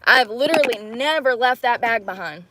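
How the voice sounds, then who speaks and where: A woman's voice: on the high side, expressive, moderate pace, noisy background. A young woman ranting in a casual livestream, frustrated and swearing as she rambles.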